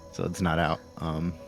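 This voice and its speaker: Casting: male player, low-ish voice, slow, hesitant. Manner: quiet, hesitant.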